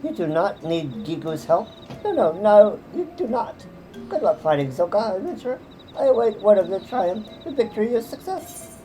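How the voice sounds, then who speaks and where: A woman's voice: medium pitch, sing-song, moderate pace, warm tone, soft background music, natural voice, low-quality recording. A woman voicing a frantic, cowering male kobold in a game who whines and piles up words in fear. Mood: pleading. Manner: panicky, piles up synonyms, whiny.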